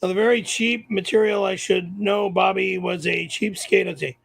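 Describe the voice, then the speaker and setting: A middle-aged man on a livestream, prone to loud profane outbursts, with a gravelly voice. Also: high-pitched, steady tone, moderate pace, few pauses. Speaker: show regular. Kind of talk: livestream banter.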